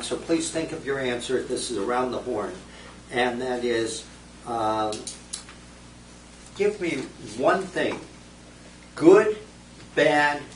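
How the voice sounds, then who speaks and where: A man's voice: mid-range voice, a bit bright. A man moderating a focus group, posing questions and calling on people by name, heard from a distance in a roomy space. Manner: poses questions, then calls on people by name. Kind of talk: guiding a group discussion. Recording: roomy distant recording with faint noise.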